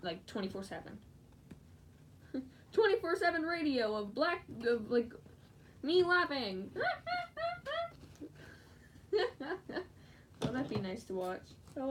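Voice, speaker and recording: A woman chatting casually while she crafts, giggling often and breaking into excited squeals. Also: fairly high pitch. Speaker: fursuit maker streaming live. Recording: distant mic with faint background noise.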